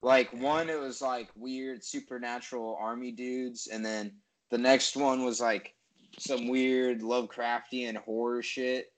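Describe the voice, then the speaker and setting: A man's voice: mid-range voice, steady tone, unhurried, low-quality recording. Rambling man with lots of fillers. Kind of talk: casual chat.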